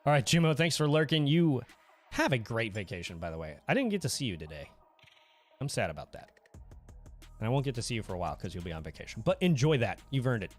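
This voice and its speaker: This man hosts a casual livestream in a mid-range voice at a quick pace. Goofy and energetic, he chats with viewers, reads their messages aloud, and laughs a lot.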